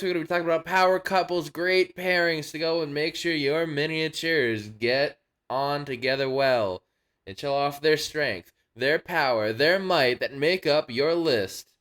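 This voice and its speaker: A man hosting a wargaming channel, talking casually and playfully, with jokey announcer-style moments mixed into relaxed commentary. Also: a little high, a little slow, smooth.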